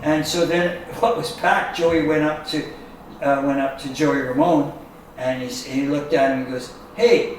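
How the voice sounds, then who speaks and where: A slightly high-voiced man telling stories with lively energy, acting out the people he quotes. He sits well away from the mic in a very echoey room, with a faint hiss of background noise under his voice. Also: normal speed. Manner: animated storyteller who acts out quotes. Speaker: guest musician. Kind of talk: casual storytelling chat. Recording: echoey room picked up from a distance.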